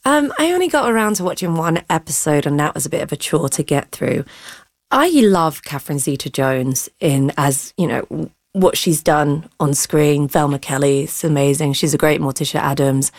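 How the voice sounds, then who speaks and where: A woman's voice: deep voice, expressive, normal speed, no room sound, clean studio sound. A woman film critic on arts radio, chatty and opinionated. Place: radio studio.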